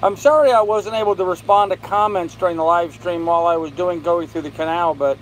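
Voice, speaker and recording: Older man, weary laid-back stream chat, slightly high pitch, phone mic, faint fan and AC hum. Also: low-quality recording. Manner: tired, slow, greets viewers by name. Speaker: live-stream host. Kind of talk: casual live-stream chat reading comments. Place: on a sailboat with air conditioning and fan running. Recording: faint fan and air-conditioner hum behind.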